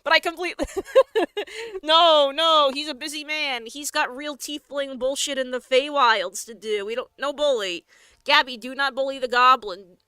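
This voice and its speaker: A woman's voice: high voice, moderate pace, sharp tone, dry recording. A young woman streaming as she crafts, chatting casually, swearing cheerfully and laughing often as she answers her chat. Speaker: live streamer and tabletop game master.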